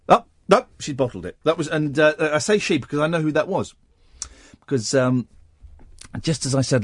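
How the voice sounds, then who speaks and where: A man's voice: on the high side, animated, a bit bright, no room sound, studio quality. A man hosting a late-night phone-in radio show, talking casually with many restarts and nursing a sore throat from a cold. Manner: rambling, halting, many restarts. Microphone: studio microphone.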